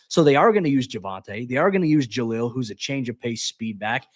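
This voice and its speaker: Previewing an upcoming football game, a beat reporter who co-hosts a podcast talks quickly in a medium-pitched voice. He's animated, often restarts his sentences, and throws in little "hey" asides. The recording is dry and close-miked, with hardly any room tone.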